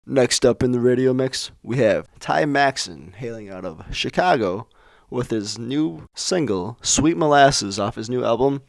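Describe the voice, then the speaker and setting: A man's voice: mid-range voice, animated, measured pace, vocal fry, hardly any pauses, no echo. A man hosting a casual podcast, laid-back, introducing songs and giving brief replies. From American Midwest. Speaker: podcast host and sound mixer. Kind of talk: casual radio chat.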